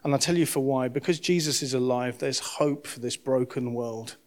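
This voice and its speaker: Male pastor, young adult to 30s, preaching with surging emphasis and hushed asides. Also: medium pitch, normal speed. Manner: impassioned, swings between loud emphasis and hushed lines. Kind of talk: sermon.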